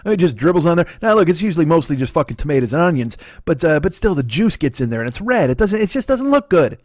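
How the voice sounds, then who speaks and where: A man's voice: fairly high pitch, big pitch swings, quick pace, darkish tone, no room sound, clean studio sound. Profane middle-aged man with a Chicago accent. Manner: profane, loose storytelling with frequent fillers. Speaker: comedy podcast host. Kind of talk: rambling comedic monologue.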